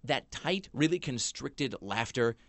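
A man's voice: mid-range voice, expressive, a little slow, fairly bright tone, no echo. A man hosting a talk show, telling a rambling story with many fillers and restarts in a small studio. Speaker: podcast host. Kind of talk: casual chat.

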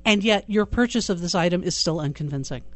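A woman's voice: on the low side, animated, quick pace. A woman co-hosting a podcast in casual chat, dry and teasing. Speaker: podcast co-host.

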